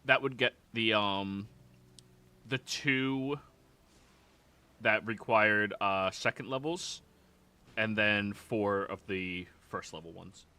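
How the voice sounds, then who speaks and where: A man's voice: fairly low pitch, takes it slowly, long pauses, sharp tone, clean tone. A man running a live-streamed tabletop game as game master, chatty and laid back, laughing easily.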